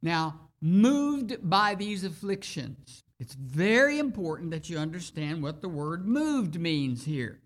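Very slow, deliberate preacher. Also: medium pitch, very animated. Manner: slow, deliberate, repeats key phrases for emphasis. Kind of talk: sermon with scripture reading.

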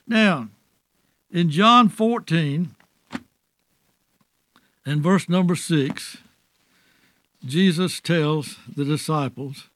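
A man preaching a sermon in an earnest, halting way, with frequent restarts as he talks to his listeners. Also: fairly high pitch, fairly bright tone. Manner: earnest, halting restarts, often says "dear soul".

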